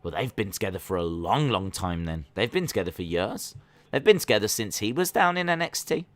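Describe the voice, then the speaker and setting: A man hosting a casual live watch-along stream, calling the action and answering chat questions, sometimes jumping into high-pitched disbelief. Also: brisk, no room sound. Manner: breaks into high-pitched disbelief when excited. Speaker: live stream reaction host.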